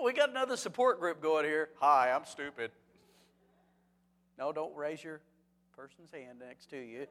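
Man preaching in an echoing hall. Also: high-pitched. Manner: lively, asks the congregation rhetorical questions; joking asides. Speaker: pastor. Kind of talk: sermon. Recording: long hall reverb.

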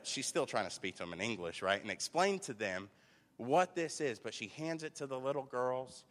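Man in his 30s, pastor, conversational sermon, reverberant church hall, mid pitch. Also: a bit bright. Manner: conversational, asks rhetorical questions. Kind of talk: sermon with personal stories.

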